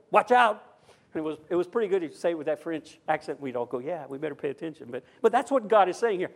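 A man preaching a sermon, reading scripture deliberately and then giving an emphatic running commentary. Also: fairly high pitch, a little mellow. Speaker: pastor.

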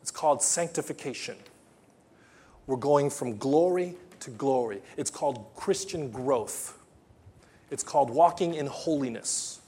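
A man preaching a sermon as pastor, moving from hushed, slow passages to loud, excited ones. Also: medium pitch, husky. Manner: emphatic, swings from hushed to loud voices of imagined people.

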